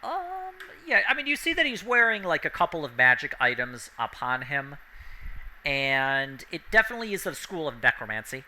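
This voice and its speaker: A man's voice: a little high, big pitch swings, moderate pace, bright, forceful tone, a little hiss or hum. A man running a tabletop game as game master in a casual, hesitant way.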